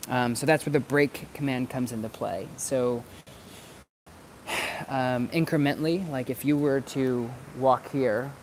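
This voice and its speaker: A man's voice: mid-range voice, fairly even intonation, measured pace, darkish tone, slight background noise. A dog trainer talking casually to camera outdoors, repeating words as he works through his thoughts. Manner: conversational, repeats words while he thinks. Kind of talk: casual instructional talk to camera. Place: outdoors near planters.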